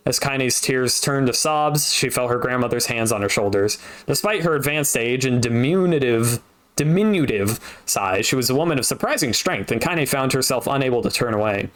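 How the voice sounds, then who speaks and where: A man reading a novel aloud on a stream, steady narration broken by wry asides. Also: mid-range voice, brisk. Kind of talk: casual audiobook reading with asides.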